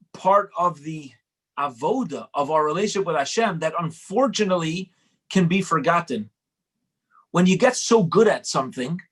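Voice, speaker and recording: Male Torah teacher, conversational and repetitive, a touch high-pitched. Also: a bit bright, breathy edge. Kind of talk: storytelling Torah lesson.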